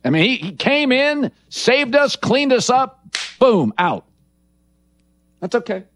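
A man's voice: very high voice, big pitch swings, slow, a bit bright, no room sound, studio quality. A man hosting a sports talk show, delivering punchy, opinionated takes. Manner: emphatic, punchy declarations.

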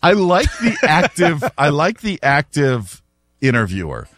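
A man hosting a sports talk show, telling a story in an animated, laughing way. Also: a little high, measured pace, dry recording. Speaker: radio talk show host.

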